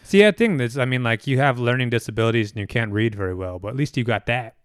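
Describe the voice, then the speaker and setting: A man's voice: mid-range voice, quick pace, clean tone, dry recording, studio quality. A man in casual chat, laid-back and musing, loose with his fillers.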